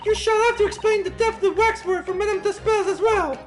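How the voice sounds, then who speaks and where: A man voicing an excitable young woman from a game in a shrill falsetto. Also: brisk, soft background music. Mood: alarmed.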